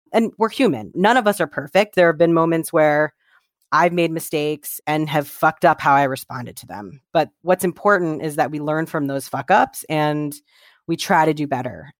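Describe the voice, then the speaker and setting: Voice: mid-range voice, no echo, studio quality. A guest in an interview, talking earnestly about personal experiences and livening up when quoting others. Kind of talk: conversational interview storytelling.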